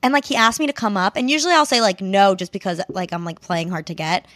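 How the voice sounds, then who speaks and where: A woman's voice: mid-range voice, quick pace, a bit bright, dry recording, clean studio sound. A woman in her twenties, a guest, talking candidly and chattily, often trailing off mid-sentence. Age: 20s. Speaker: guest, comedian. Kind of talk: casual chat.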